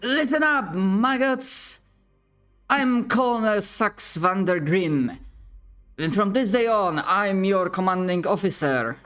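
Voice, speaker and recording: A man voicing a gruff, muscular male drill colonel who barks orders at his new recruits. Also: high-pitched, lively intonation, takes it slowly, a bit bright, faint music behind, voice pushed up, heavily acted. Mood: commanding. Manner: barking, domineering.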